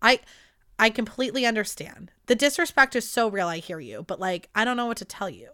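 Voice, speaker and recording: A woman in her twenties telling a rambling, animated story in a casual monologue, swearing freely. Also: on the high side, fairly quick. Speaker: podcast host.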